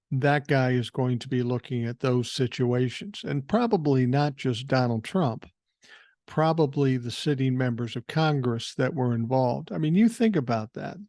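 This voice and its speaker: A man's voice: medium pitch, normal speed, a little mellow, no room sound. Blunt older man on a podcast. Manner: blunt, profane, opinionated, thinking aloud with fillers. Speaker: podcast host. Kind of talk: casual political commentary, reading listener emails.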